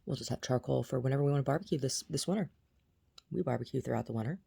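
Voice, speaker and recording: Low-voiced woman in a profane rant. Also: very fast, creaky, warm tone, breathy edge. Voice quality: blunt, profane, agitated. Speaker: vlogger. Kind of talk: casual vlog rant.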